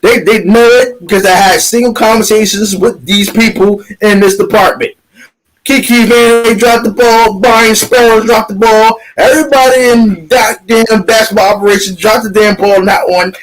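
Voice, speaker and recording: A fired-up man tears into rival fans on a sports podcast, swearing freely as he rants. His voice sits high and keeps climbing as he presses his points. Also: steady tone, moderate pace, rough recording. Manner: ranting, profane, trash-talking. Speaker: podcast co-host. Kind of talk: heated sports talk.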